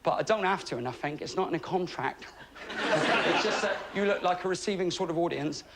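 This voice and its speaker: A man's voice: sits high, a little fast, very noisy. A man doing a stand-up comedy act on a television talent show stage, with self-deprecating, mock-grand patter. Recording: stage audio with loud audience laughter. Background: audience laughing.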